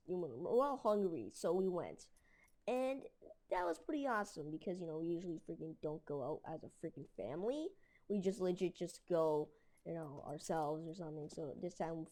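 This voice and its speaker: A woman's voice: on the low side, warm tone. A woman telling a story casually, rambling with lots of fillers and mild slang. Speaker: storytelling video creator.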